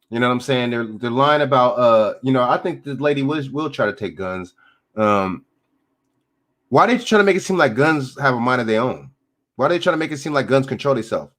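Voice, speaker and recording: A man hosting a stream, giving blunt, profane commentary on clips and repeating himself as he answers chat. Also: mid-range voice. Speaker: streamer host reacting to clips. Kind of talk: casual opinionated commentary.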